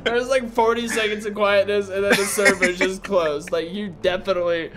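A man's voice: high voice, flat delivery, a little fast, over loud music. A young man hosting a casual gaming video, cracking crude jokes and laughing often. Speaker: gaming YouTuber host.

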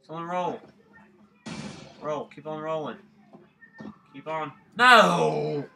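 A gameplay commentator who talks through a let's play in a rambling way, repeating words and breaking into excited shouts at the game. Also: mid-range voice, takes it slowly. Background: game music.

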